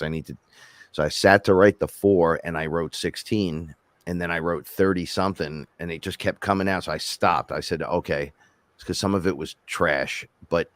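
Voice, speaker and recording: A rapper co-hosting a podcast, telling rambling, animated stories in casual chat and quoting himself along the way. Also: male voice, sits low, no room sound. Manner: rambling, animated storytelling with self-quotes.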